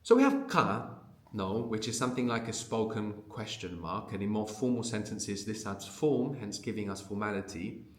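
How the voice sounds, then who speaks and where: A man's voice: fairly low pitch, expressive, moderate pace, reverberant. A man teaching a language lesson. He explains patiently and often checks in with a questioning "no?".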